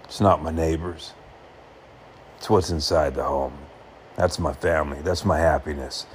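A man talking earnestly to the camera in short, halting phrases, reflecting on happiness. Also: rumbling low, steady tone, a little hiss or hum.

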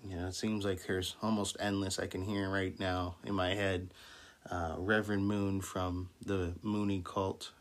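Informal and stumbling, with plenty of fillers and restarts, a minister talks about the Bible in a low, level voice. Afterward he turns to scripture, reading it in a slow, deliberate manner.

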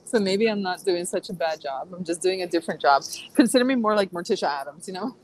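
A woman's voice: lowish voice, animated, normal speed, pauses often, a little mellow, low-quality recording. A middle-aged woman chatting as a podcast guest, rambling through stories with fillers and restarts. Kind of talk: casual podcast conversation.

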